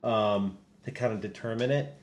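A man's voice: lowish voice, moderate pace. A young man co-hosting a casual sports podcast, talking with many ums and restarts. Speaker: podcast co-host.

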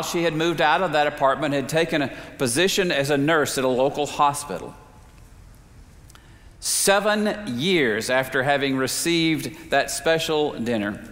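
A man preaching a sermon, telling a story in a measured way with slow, emphatic pauses. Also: on the high side, a bit bright. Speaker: pastor. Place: church sanctuary. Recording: reverberant sanctuary.

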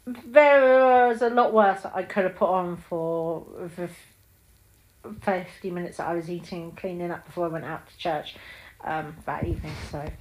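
Over a low-quality recording, a medium-pitched woman in her thirties chats alone about films on her podcast. She gushes freely and fills her talk with plenty of ums.

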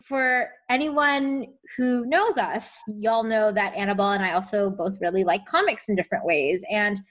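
A woman's voice: medium pitch, moderate pace, a bit bright. A young woman co-hosting a podcast, chatting enthusiastically with casual slang. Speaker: podcast co-host. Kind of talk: casual chat.

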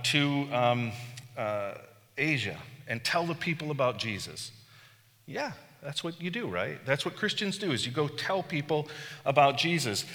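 A man's voice: medium pitch, a bit bright. A middle-aged man giving a conversational sermon as a bishop, telling candid, self-deprecating stories with the odd chuckle. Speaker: bishop preaching. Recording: long reverb from a large room.

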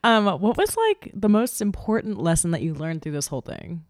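A woman's voice: mid-range voice, sing-song, normal speed, dry recording, studio quality. A woman interviewing a guest, reacting often and laughing. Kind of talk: casual interview.

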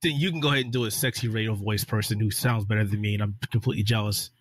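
Husky-voiced man joking on a podcast. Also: fairly low pitch, steady tone, very fast, no room sound. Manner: joking, sarcastic banter. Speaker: podcast co-host, editor-in-chief. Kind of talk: casual gaming podcast chat.

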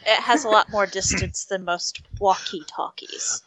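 A woman's voice: mid-range voice, a bit bright, slightly rough. Laughing woman at a tabletop game. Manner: laughs often, quick offhand explanations. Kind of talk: casual tabletop role-play.

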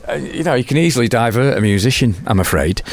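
This older guest with a British accent has a mid-range, expressive voice and talks fast, with no echo in the recording. Swearing freely, he spins casual interview stories with animation and performs other people's lines himself.

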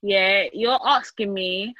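A woman's voice: mid-range voice, slow pace, sharp tone, no echo. A woman in a casual chat, firing off exasperated rhetorical questions. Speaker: podcast co-host.

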